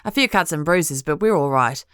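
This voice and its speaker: A woman's voice: low-pitched, lively intonation, normal speed, fairly bright tone, clean tone, dry recording, clean studio sound. A woman voicing a brash, casual young witch fighter with an Australian accent in an audiobook. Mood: breezy. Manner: breezy, offhand and teasing. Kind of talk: audiobook character voice.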